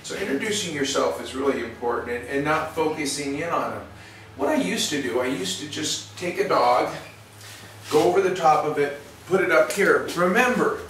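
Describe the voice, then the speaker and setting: A veterinarian explains and demonstrates in a clinic exam room, rambling in a folksy way and often starting over. His voice is on the high side and fairly bright, with lively intonation and a normal speed. The recording is roomy and distant, with faint noise.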